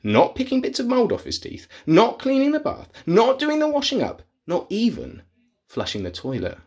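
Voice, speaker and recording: Husky, animated children's storyteller. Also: male voice, very high voice, moderate pace. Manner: animated, playful, drops to whispers for gross bits. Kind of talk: reading a picture book aloud to kids. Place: office.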